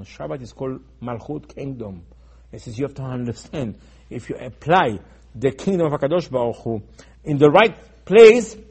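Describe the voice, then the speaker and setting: A man teaching in a sermon style, emphatic and repetitive, acting out dialogue, going from soft asides to loud urgent stresses. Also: a little high, slightly rough. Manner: acts out dialogue in his teaching. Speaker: Torah teacher.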